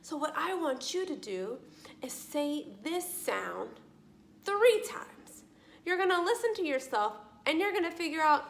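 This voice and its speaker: A young adult woman giving a children's speech lesson, speaking slowly and clearly with encouraging questions. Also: sits high. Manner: slow, clearly articulated, encouraging teacher talk with lively questions. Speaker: speech therapy teacher.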